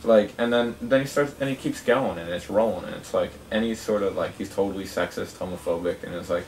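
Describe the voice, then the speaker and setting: A man's voice: deep voice, brisk, darkish tone. A man casually telling a long travel story, rambling with many fillers and restarts. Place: outdoors at a gathering. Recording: distant mic with clear outdoor noise.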